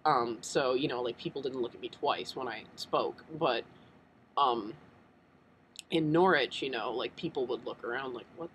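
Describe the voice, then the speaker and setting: A man's voice: mid-range voice, moderate pace, fairly bright tone, a little hiss or hum, poor audio. A young American man chatting casually in a vlog, rambling and full of ums. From United States. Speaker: vlogger.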